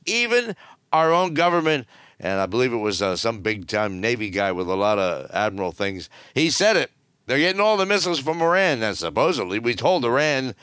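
A man's voice: medium pitch, big pitch swings, brisk, fairly bright tone, clear, resonant tone, no room sound, studio quality. An older man hosting a cruise news show, giving blunt, rambling and jokey commentary full of fillers.

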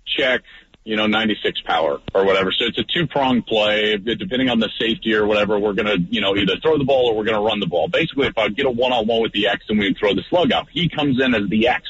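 A man who is a guest on a radio sports talk show, telling a story in a lively, animated way that gets loud at its peak. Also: fairly low pitch, fast talker, slightly rough. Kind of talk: animated storytelling in casual chat. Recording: dull lo-fi radio audio, faint noise.

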